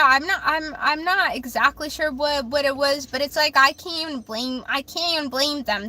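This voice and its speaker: A livestream host with a bright, high-pitched voice talks directly to her chat, reacting to it. She comes across heated and emphatic, swearing freely and driving home the same points over and over.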